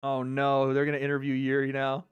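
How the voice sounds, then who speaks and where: An American man hosting a live fight watch party, reacting with loud, excitable exclamations. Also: mid-range voice, fairly quick, clear, resonant tone, dry recording, muffled recording. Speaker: livestream host.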